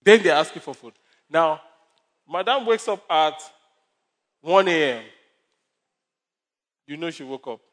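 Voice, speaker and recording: A man's voice: a little high, expressive, unhurried, long pauses, fairly bright tone. A male pastor preaching a sermon with numbered points, stories and humor.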